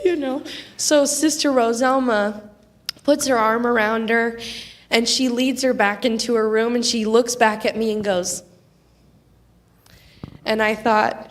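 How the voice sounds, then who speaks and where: A woman, a youth ministry leader, telling a testimony story to a congregation in an animated way. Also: sits high. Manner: animated storyteller acting out quoted voices.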